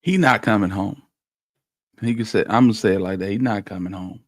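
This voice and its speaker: A man speaking casually and somberly about people he knew, pausing often. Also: lowish voice, no room sound, studio quality. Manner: slow, somber, with many pauses and fillers. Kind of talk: casual reflective talk.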